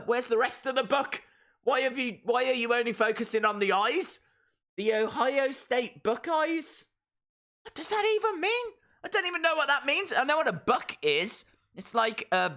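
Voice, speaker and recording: A man's voice: sits high, pushed and bright. A young man hosting a casual live stream who reads viewer comments aloud and rambles through playful jokes and asides.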